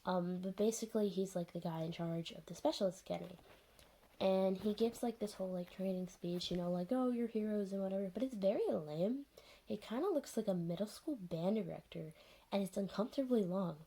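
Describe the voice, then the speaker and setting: A woman's voice: mid-range voice, brisk, mellow, husky. A woman casually recapping a TV episode, sarcastic and exasperated, full of "like" and "um". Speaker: TV episode reviewer.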